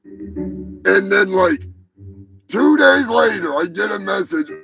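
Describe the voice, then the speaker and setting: A male host giving a sarcastic, profane comedic rant on a live show, often breaking into shouts. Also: sits high, big pitch swings, slow, gravelly, over music, rough recording.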